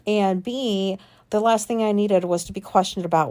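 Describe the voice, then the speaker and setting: A woman's voice: mid-range voice, fairly even intonation, normal speed, a little mellow. A woman vlogger telling a personal story in casual, rambling talk, swearing freely and filling gaps with filler words. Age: adult.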